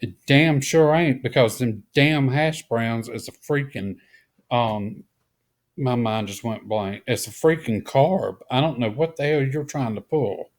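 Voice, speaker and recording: A man's voice: medium pitch, measured pace. A man with a Southern US accent giving blunt, mocking reaction commentary. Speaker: commentary host.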